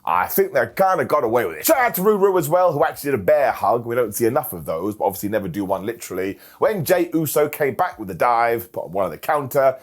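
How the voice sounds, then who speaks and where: A man's voice: medium pitch, sing-song, fast, few pauses. Jokey man hosting a review. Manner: jokey and sarcastic, laughing often. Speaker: wrestling review host. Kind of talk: comedic solo review monologue.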